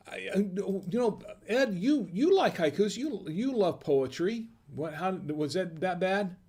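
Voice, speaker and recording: A talkative man hosts a casual livestream. His voice sits somewhat high for a man. He reads chat messages aloud and keeps tossing questions back to his viewers. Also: darkish tone, breathy edge. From United States. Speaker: wine review livestream host.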